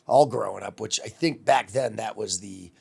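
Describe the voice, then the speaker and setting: A man in his fifties from Wisconsin, a longtime radio host, telling lively stories in an interview and acting out the voices of people he quotes. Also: lowish voice, moderate pace, gravelly, husky. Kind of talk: storytelling interview.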